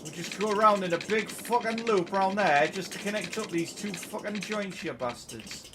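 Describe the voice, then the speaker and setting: A man's voice: high voice, moderate pace, noisy background. A man with a Geordie accent giving live commentary as he plays a city-building game, swearing constantly and sounding exasperated. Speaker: game streamer.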